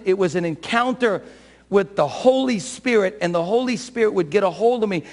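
A high, gravelly male voice belongs to a pastor preaching with fervor, dropping low and then bursting into shouts. It rings out with a long reverb in a church sanctuary. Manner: fervent preacher, swings from soft to shouting; self-described shouter and crier. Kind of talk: sermon.

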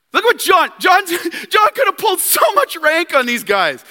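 A male pastor preaches with animated rhetorical questions aimed straight at his congregation. His voice is high and very bright, and a long reverb trails after it in the church. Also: normal speed. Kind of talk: sermon.

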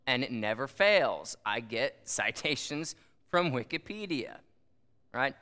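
Slow-speaking preacher man, bright and smooth. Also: medium pitch, very animated, long reverb tail. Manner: conversational, frequent asides and rhetorical questions. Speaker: pastor. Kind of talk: sermon.

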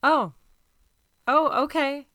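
A woman's voice: sits high, slow pace, pushed and bright. A woman in an improvised comedy scene, talking in a hesitant, politely evasive way.

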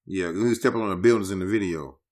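A man's voice: low voice, rapid-fire, a little mellow. A man in casual chat who talks animatedly, swears freely and blurts out song lines.

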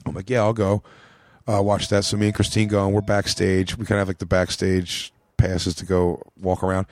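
This American man, a comedian, rambles profanely through a long backstage tale on a podcast, shouting out quoted lines. His voice is low, brisk and a little mellow, yet completely flat in delivery, with no room sound.

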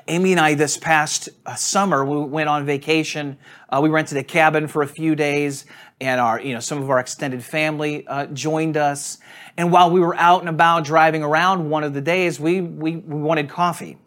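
A man preaching a sermon, telling a funny personal story in a relaxed, conversational way and laughing at himself. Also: on the high side. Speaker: pastor. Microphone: on camera.

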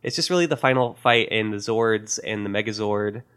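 A man co-hosting a podcast, chatting in a relaxed, rambling way. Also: lowish voice, brisk, clean tone. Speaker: podcast co-host. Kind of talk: casual chat.

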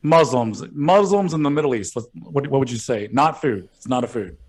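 A man's voice: mid-range voice, animated, moderate pace, darkish tone. A young man co-hosting a podcast, rambling and swearing through crude banter, laughing often. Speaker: podcast co-host.

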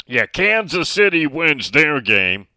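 Bright, lively male radio host. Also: on the high side, slow, no echo, low-quality recording. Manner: chatty, reads out listener messages. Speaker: radio talk show host. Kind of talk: casual sports talk radio.

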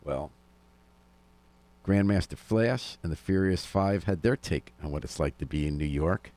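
A man's voice: sits low, measured pace, a little mellow. A man hosting a local news and music radio show from a studio, with wry, sardonic commentary. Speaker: radio host.

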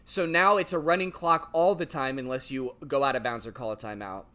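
A man co-hosting a sports podcast, telling stories in an animated, rambling, casual way. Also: medium pitch, a little fast. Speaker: podcast co-host.

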